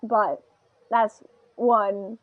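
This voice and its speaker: A woman's voice: medium pitch, drawn-out words, phone-quality sound. A woman co-hosting a podcast, chatting casually and rambling as she recaps an anime episode, often laughing and mimicking characters. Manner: rambling and animated, laughs a lot, puts on voices to quote characters. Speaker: podcast co-host.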